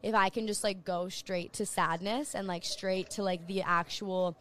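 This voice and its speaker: A woman's voice: medium pitch, fairly even intonation, normal speed, fairly bright tone. A young woman talking earnestly and reflectively in a casual podcast chat, sharing advice.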